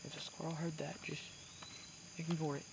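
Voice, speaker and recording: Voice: medium pitch, little pitch movement, moderate pace, gravelly. A hunting vlogger, chatting to viewers and whispering while stalking in the woods. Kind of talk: chatty outdoor hunting vlog. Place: outdoors in woods. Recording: outdoor noise with crickets. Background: crickets and insects.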